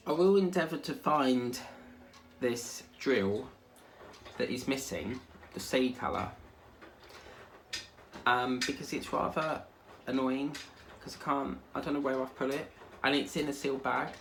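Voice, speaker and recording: Male craft vlogger, rambling casual chat, mid pitch. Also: unhurried, gravelly, long pauses, a bit bright, slight background noise. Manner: rambling, chatty, easily sidetracked.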